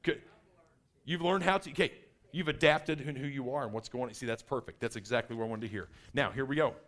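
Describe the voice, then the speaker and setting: Speaking in a mid-range voice, this middle-aged workshop presenter delivers a lively seminar talk. He imitates different personality types with rapid little voices.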